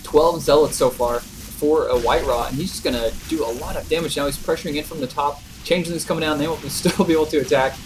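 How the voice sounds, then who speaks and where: A man giving relaxed, chatty video game commentary, chuckling often between plays. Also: fairly high pitch, quick pace, few pauses, noisy background. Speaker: game caster.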